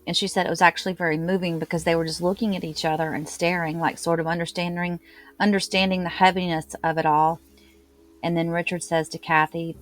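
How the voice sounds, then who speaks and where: Woman recapping, low voice, faint music. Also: flat delivery, brisk. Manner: retells quotes with rising intensity, frequent fillers like "kind of". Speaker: commentator retelling courtroom testimony. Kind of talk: casual recap of interrogation video.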